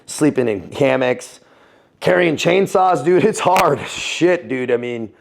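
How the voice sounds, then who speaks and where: An American man in a casual interview, telling military stories in an animated, profane way, laughing often and calling the listener dude. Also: fairly high pitch, takes it slowly, creaky. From United States. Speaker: guest, former Navy SEAL and Foreign Legionnaire.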